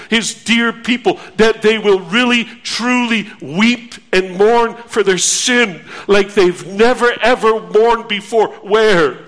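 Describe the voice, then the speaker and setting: A man's voice: high-pitched, fairly bright tone. A man preaching a sermon, earnest and pleading, repeating phrases for emphasis.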